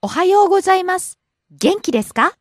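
A woman with a Japanese accent, a native Japanese teacher, modeling words clearly in a casual lesson. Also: very high-pitched, lively intonation, very fast, no echo, clean studio sound. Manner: clear, careful word modeling. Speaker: language teacher.

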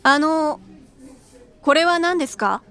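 A woman's voice: sits high, lively intonation, moderate pace, fairly bright tone. A woman voicing a young woman customer asking about dishes in a scripted lesson dialogue. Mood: curious. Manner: curious, questioning.

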